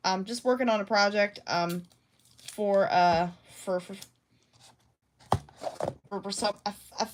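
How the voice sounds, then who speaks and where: A woman's voice: medium pitch, takes it slowly, long pauses. A woman vlogging casually at home about her craft projects, rambling and hesitant with many restarts. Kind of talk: casual talk to camera.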